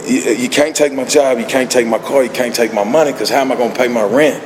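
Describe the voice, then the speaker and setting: A man playing a hushed, desperate drunk. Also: medium pitch, fast talker, a little hiss or hum, close to an everyday voice. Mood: pleading. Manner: hushed, pleading. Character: desperate, pleading man in ruin. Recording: echoey hall with long reverb.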